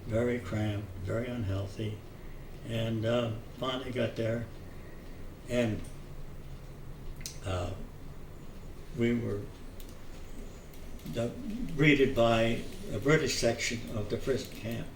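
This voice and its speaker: An older man telling his memories in an oral history interview, halting with many fillers and restarts, chuckling now and then. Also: medium pitch, steady tone. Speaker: veteran interviewee. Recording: echoey room, distant mic, faint noise.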